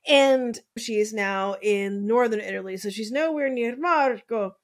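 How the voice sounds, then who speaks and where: A woman's voice: fairly high pitch, unhurried. A woman host telling a true-crime story in a casual, chatty way, full of "like" and wry asides, now and then swearing. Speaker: podcast host.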